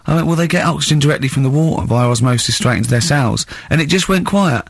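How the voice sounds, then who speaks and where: A man's voice: on the high side, fast talker, gravelly, no room sound, studio quality. A man with an English accent hosting a comedic radio show, mocking and telling stories with frequent giggling. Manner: giggly, mocking, animated storytelling. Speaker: radio host. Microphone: studio microphone.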